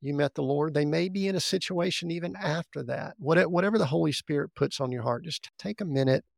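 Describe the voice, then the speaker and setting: A man hosting a faith podcast, gently and a little haltingly guiding the conversation. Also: on the high side, gravelly, no room sound, studio quality. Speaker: podcast host. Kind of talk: interview hosting.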